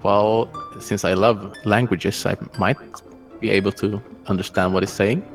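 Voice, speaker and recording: A man's voice: lowish voice, steady tone, a little slow, soft background music. A man playing a tabletop game, chatting playfully and asking the characters eager questions. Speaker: player. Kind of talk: casual tabletop game play.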